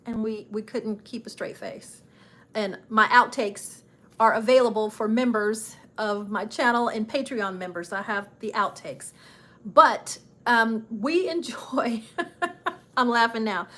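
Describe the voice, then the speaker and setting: A woman's voice: medium pitch, a bit bright. A woman hosting a travel channel live stream, chatting casually and enthusiastically with frequent fillers while seated in front of the camera. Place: indoors, seated before the camera.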